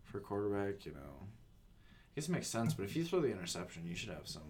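Young male podcast co-host, mid pitch, lively and chatty, noisy mic. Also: fairly quick. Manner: animated, chatty sports talk. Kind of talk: casual banter.

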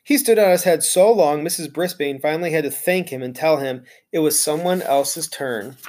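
A reader narrates a children's chapter book aloud with lively expression. The voice sits at a middle pitch and carries the story along with an engaging storytelling manner. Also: normal speed.

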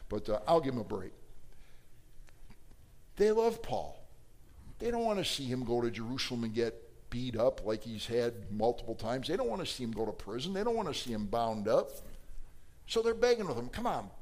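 A man teaching a Bible class verse by verse, quizzing his listeners and acting out the quoted lines. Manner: asks the class questions and acts out the quoted lines; animated, with sudden jumps in pitch and loudness.

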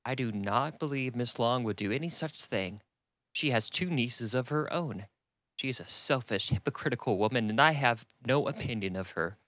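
Guy doing a fussy fretful mom, shrill and whiny, mid pitch, dry mic. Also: expressive, normal speed, fairly bright tone, dry recording, close to an everyday voice. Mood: complaining. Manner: shrill, complaining. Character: fretful fussy middle-aged mother, nervous.

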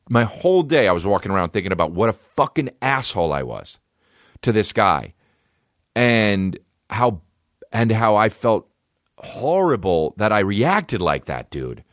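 A man's voice: lowish voice, big pitch swings, a little slow, dry recording, studio quality. A man in his thirties hosting a podcast, telling rambling, profane, self-deprecating stories in a casual comedic way. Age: 30s. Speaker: podcast host.

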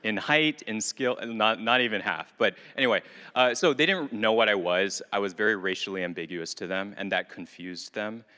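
A young man giving a talk at a retreat, telling a story with self-mocking humor and lively energy. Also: on the low side, normal speed. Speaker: retreat speaker. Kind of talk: casual talk to a group. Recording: long reverb of a hall.

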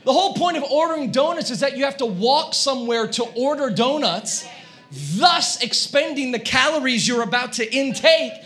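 A male pastor preaching a sermon, telling a comic story in an animated way and acting out his own shouting. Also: very high-pitched, normal speed. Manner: animated, acts out quoted shouting.

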